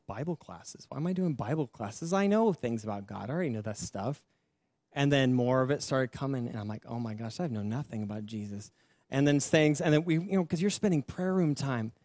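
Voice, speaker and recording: A man's voice: mid-range voice, no echo, clean studio sound. Candid, self-mocking male pastor. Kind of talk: testimony sermon.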